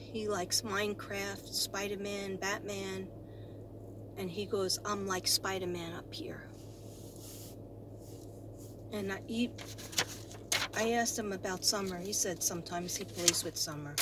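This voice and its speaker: Slow, earnest woman psychic. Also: mid-range voice, noisy background. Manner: earnest, halting, with many fillers and restarts. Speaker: psychic medium and tarot reader. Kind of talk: slow talk to camera, reading spirit messages.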